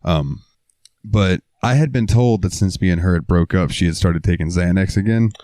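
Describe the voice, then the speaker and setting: Young male podcast host, casual profane storyteller, low-ish, dry close sound. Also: moderate pace, warm tone, no echo. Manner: rambling, profane, lots of fillers.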